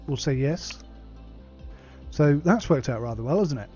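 A man's voice: fairly high pitch, lively intonation, a little fast, mellow, highs cut off, faint music behind. A man hosting a let's play, reading game text aloud and muttering asides to himself. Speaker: gaming channel host.

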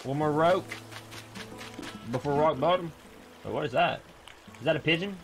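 A young man streaming a video game, reacting casually with frequent swearing and sudden excited outbursts. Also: fairly high pitch, normal speed, creaky. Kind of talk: casual gameplay commentary. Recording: game music behind.

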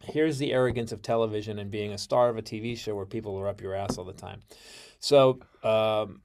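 A middle-aged male comedian telling a story as a podcast guest, profane, swinging between loud outbursts and low mutters. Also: a little fast. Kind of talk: animated storytelling.

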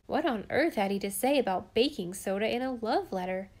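A woman's voice: on the high side, expressive, brisk, darkish tone, natural voice. Woman doing a bossy, confident young girl. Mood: assured.

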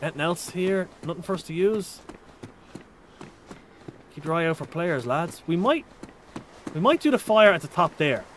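A man streaming a survival game, chatting casually and excitably, with frequent swearing. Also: fairly high pitch, normal speed, long pauses, a little hiss or hum. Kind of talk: casual live-stream commentary.

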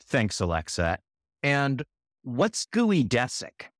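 Lively, teasing male podcast co-host. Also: medium pitch, slow pace, dry recording, studio quality. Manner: teasing, wry. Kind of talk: scripted comedy banter.

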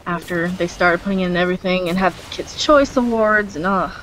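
A woman's voice: fairly low pitch, fairly quick, fairly bright tone, poor audio. A woman in her thirties chatting and giggling while watching a game, giving blunt opinions. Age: 30s. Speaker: co-commentator. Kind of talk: casual chat over gameplay.

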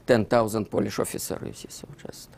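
A man's voice: fairly low pitch, steady tone, brisk, gravelly, darkish tone. A man with a Russian accent, Russian as his first language, giving a lecture over slides in broken English with many "you see" fillers. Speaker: author giving a book talk. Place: lecture hall.

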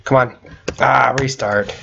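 A young man giving casual gaming commentary, excitable, yelping, whooping and swearing often as he plays. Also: medium pitch, takes it slowly, vocal fry, dull audio, slight background noise. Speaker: gaming channel host.

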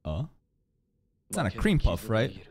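An anime reaction channel host giving casual, excitable commentary, swearing often and laughing a lot. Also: medium pitch, measured pace.

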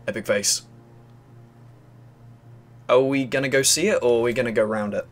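A young man chatting excitably and swearing casually while playing through a video game. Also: mid-range voice, normal speed, faint music behind. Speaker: gaming video host. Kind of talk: let's play commentary.

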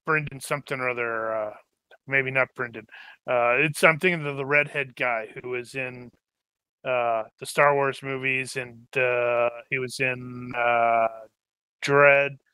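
Male game master, bright edgy tone, dry close mic, rambling and jokey. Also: medium pitch, steady tone, a little slow, clear, resonant tone, no echo. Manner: rambling, joking, trails off searching for names. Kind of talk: casual chat while planning a tabletop game.

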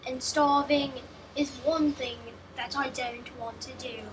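A woman's voice: high voice, steady tone, unhurried, hardly any pauses, a little hiss or hum, rough recording. A woman giving casual, rambling gameplay commentary, talking to herself and joking as she plays. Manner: rambling, self-talking, jokey.

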